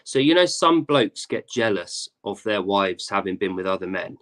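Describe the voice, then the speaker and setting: A man's voice: fairly low pitch, animated, moderate pace, a bit bright. A man co-hosting a podcast, posing playful hypothetical questions in casual chat. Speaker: podcast co-host.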